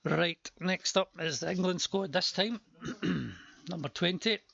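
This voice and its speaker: A man's voice: high-pitched, a little slow, creaky, a bit bright, muffled recording. A man calling a live auction stream, chatty with joking asides, his voice worn from a long day before.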